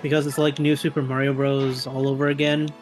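A man's voice: mid-range voice, flat delivery, a little fast, soft background music. A man guesting on a gaming stream, giving brief, easygoing replies in casual chat. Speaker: co-player guest.

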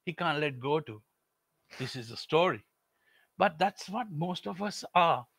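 High-voiced preacher, dry sound. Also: male voice, lively intonation, measured pace, fairly bright tone, no room sound. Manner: earnest, repetitive exhortation with storytelling. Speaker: pastor. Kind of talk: sermon.

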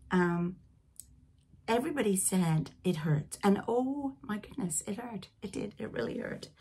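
Host, woman, middle-aged, husky voice, Canadian accent, rambling podcast chat. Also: mid-range voice, darkish tone. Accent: Canadian-sounding English. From Britain. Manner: rambling, chatty, goes off on tangents. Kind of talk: casual chat.

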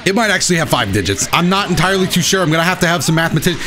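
A young man giving excitable, self-mocking live commentary while playing a fighting game. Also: a little high, very fast, hardly any pauses, a crowd in the background. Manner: excitable, self-mocking, shouts at big plays. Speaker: gaming YouTuber. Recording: game music playing behind. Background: game music.

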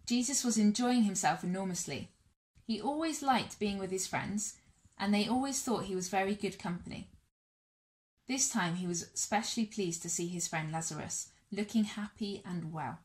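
A woman reading a Bible story aloud to children and families in a church all-age session, measured and warm. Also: medium pitch, lively intonation.

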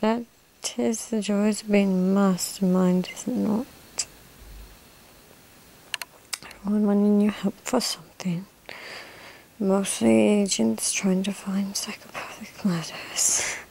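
Woman doing a smug whispering Hannibal Lecter. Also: medium pitch. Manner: slow, drifting into soft whispers. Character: smug male cannibal mastermind psychiatrist. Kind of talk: amateur role-play monologue.

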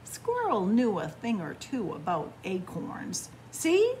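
A woman librarian reading a picture book aloud to children in a playful, animated storytelling manner. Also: lowish voice, slow pace, a little hiss or hum.

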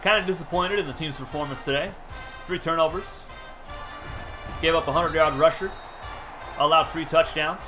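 A man casually commenting on his own football video game, bursting into loud shouts at big plays. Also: a little high, normal speed, long pauses. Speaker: gaming YouTuber. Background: game music.

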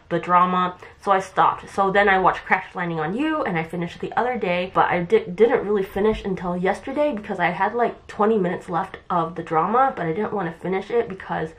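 A woman's voice: lowish voice, fairly quick, hardly any pauses, a bit bright. A young woman vlogging in a chatty, rambling way, with a slight lisp from her braces. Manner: chatty, rambling, with fillers and restarts. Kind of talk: casual vlog chat.

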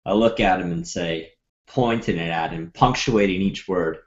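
A man playing a tabletop game, describing his character slowly and deadpan, on a dull lo-fi recording. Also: low voice. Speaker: player. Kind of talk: tabletop role-play.

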